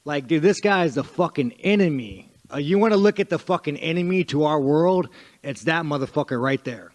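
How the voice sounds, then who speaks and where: Brief: combative fighter at a press conference, swearing, higher voice. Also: male voice, expressive, a little fast. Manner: profane, aggressive, shouting insults.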